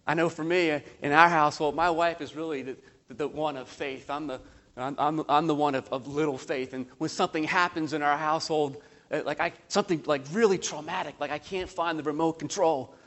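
High-voiced impassioned male preacher. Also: fairly even intonation. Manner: impassioned preaching with slow emphatic phrases and sudden surges in loudness; rhetorical questions and self-deprecating humor. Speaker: pastor. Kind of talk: sermon.

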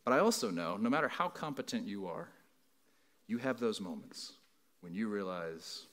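A man's voice: lowish voice, animated, normal speed, fairly bright tone. A man preaching a sermon as pastor, earnest and conversational, building emphasis through repeated phrases and frequent asides to the congregation.

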